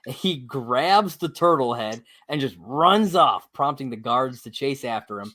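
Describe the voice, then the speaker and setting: A man co-hosting a podcast, recapping a TV episode in casual chat, halting with many uhs and laughing often. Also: medium pitch, animated, pushed and bright. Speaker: podcast co-host.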